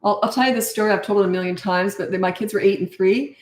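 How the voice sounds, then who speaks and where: A woman's voice: medium pitch, fast talker, darkish tone, slight background noise. An older woman, a parenting coach, answering viewer questions with casual advice in a chatty, emphatic way and drifting into anecdotes. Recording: roomy echo.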